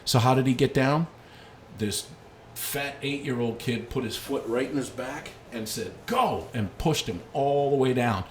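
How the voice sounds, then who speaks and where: A middle-aged man talks through a dog-training lesson in a relaxed, conversational way. He mixes explanation with lively personal stories at an even middle pitch, over a faint hiss of background noise. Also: moderate pace. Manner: storytelling with lively anecdotes. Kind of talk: casual instructional talk.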